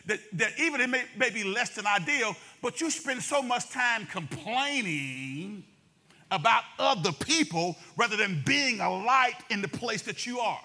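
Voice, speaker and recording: A man preaching a sermon as pastor, talking fast and calling out to the congregation. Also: sits high, expressive, sharp tone.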